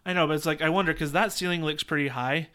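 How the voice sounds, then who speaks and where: Fast, clear and resonant, the man's fairly high voice drives a casual podcast chat he co-hosts. He's animated and jokey, throwing in acted-out movie lines.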